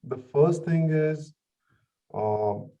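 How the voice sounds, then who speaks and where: A man's voice: on the high side, animated, drawn-out words, warm tone. Hesitant man with dull lo-fi audio. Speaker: panelist. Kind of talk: panel answer.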